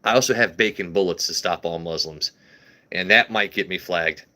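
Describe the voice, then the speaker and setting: A man hosting a casual livestream, talking in a slightly low voice. He rambles from one joke to the next, crude and loose, swearing freely as he chats with viewers. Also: normal speed, bright, forceful tone. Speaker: livestream host.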